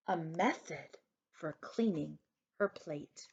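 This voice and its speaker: Woman reading a rhyming story slowly. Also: medium pitch, very animated. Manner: slow, sing-song storytelling with quiet asides. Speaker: teacher reading a picture book aloud. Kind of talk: rhyming read-aloud with asides to children. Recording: dull lo-fi recording.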